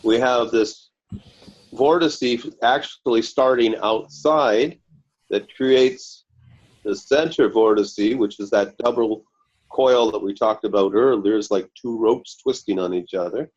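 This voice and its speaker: A man giving a slow, halting technical explanation over a video call, pausing often as he walks through pictures. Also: lowish voice, a little mellow, slightly rough, highs cut off. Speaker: research group member presenting. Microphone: computer mic on a video call.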